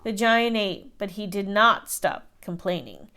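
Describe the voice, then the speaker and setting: A woman teacher reading a children's picture book aloud in an expressive storytelling manner. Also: mid-range voice, measured pace, gravelly, hardly any pauses, smooth.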